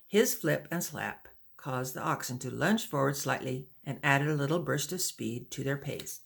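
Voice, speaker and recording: Woman narrating an audiobook, slightly gravelly. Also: very deep voice, expressive, moderate pace, hardly any pauses.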